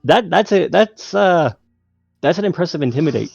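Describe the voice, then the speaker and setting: A man's voice: a little high, lively intonation, normal speed, gravelly, a little mellow, slightly rough, dry recording. Hesitant male game master, dull mic. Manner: hesitant, filler-heavy narration. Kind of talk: narrating a tabletop game.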